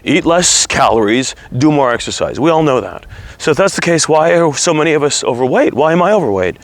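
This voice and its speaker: A man vlogging candidly about his weight, earnest and halting. He is slightly out of breath from walking while he talks. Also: on the high side, lively intonation, dry recording. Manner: earnest, halting, restarts words while opening up. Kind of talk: candid confessional vlog.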